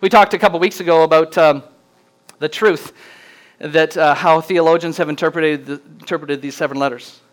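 A man preaching a sermon, earnest and plainspoken, slowing down to read scripture aloud with rising emphasis. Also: fairly high pitch, steady tone, low-quality recording. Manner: reads scripture slowly and deliberately, rising for emphasis. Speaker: pastor.

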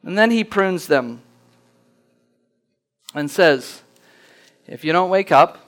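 A man preaching a sermon, earnest and plainspoken, slowing down to read scripture aloud with rising emphasis. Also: high-pitched, animated, poor audio. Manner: reads scripture slowly and deliberately, rising for emphasis. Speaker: pastor.

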